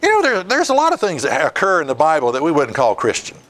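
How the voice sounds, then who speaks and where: A man's voice: fairly high pitch, huge pitch swings, quick pace, fairly bright tone. A man preaching a sermon, reading scripture aloud and laughing often as he talks. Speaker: pastor.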